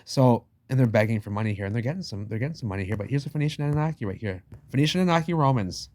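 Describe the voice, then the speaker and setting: A man's voice: medium pitch, lively intonation, very fast, a little mellow. Man ranting emphatically over book pictures. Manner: emphatic, repetitive, swears casually; slangy, addresses listener as "baby". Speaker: channel host.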